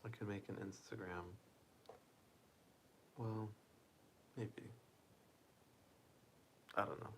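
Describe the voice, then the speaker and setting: A tired man streaming from home on his phone, talking softly and casually as he reads chat aloud and answers viewers. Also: on the low side, fairly even intonation, a little hiss or hum. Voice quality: soft-spoken, deliberately quiet. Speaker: livestreamer reading chat.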